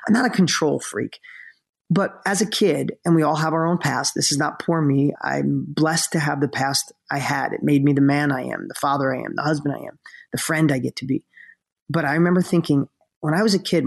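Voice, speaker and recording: Gravelly, earnest man telling a story. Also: fairly high pitch. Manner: earnest, emotional, openly close to tears. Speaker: podcast co-host. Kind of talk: emotional personal storytelling.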